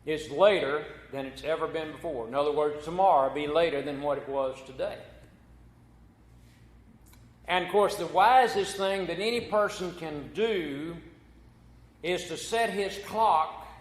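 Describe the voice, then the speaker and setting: A man's voice: on the high side, slow, long pauses. A man preaching a folksy sermon as pastor, telling a corny joke before turning to scripture. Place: church sanctuary. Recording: echoey church hall.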